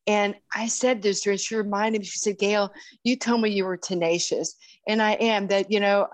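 Brief: woman in her 60s, interview guest, halting and chatty, dry close sound. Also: medium pitch, fairly even intonation, dry recording. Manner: warm, halting, with many restarts and fillers. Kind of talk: casual interview chat.

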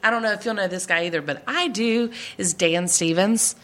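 A woman's voice: mid-range voice, moderate pace, fairly bright tone. A middle-aged woman hosting a casual chat podcast, gushing and chatty, often laughing. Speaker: podcast host.

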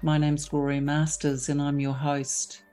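A woman hosting an interview, welcoming her guest and asking questions in a measured way with fillers. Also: sits low, faint music behind. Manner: measured, even, warm welcoming phrasing with fillers. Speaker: host. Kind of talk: interview introduction.

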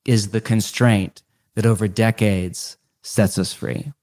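A middle-aged man, a guest author in a podcast interview, explaining ideas earnestly and stacking them in quick lists. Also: lowish voice, steady tone, a little mellow.

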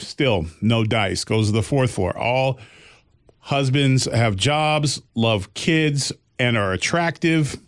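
A middle-aged man, a comedian, telling a story in casual chat and jumping high in pitch when he quotes people. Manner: animated storyteller, jumps high when quoting others. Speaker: comedian and podcast host.

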